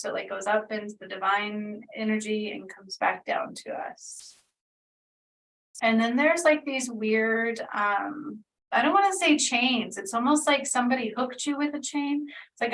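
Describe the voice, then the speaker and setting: Woman healer, rambling and earnest, with fry in the voice and a distant mic. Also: mid-range voice, fairly bright tone. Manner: meandering, filler-heavy, earnest. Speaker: spiritual healer channeling energy. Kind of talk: casual spoken energy reading.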